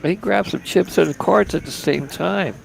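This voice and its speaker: A man's voice: sits high, a little slow, creaky. A man giving easygoing, chatty live commentary on a poker table from a booth. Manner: chatty, easygoing, repeats words. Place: commentary booth at a card room.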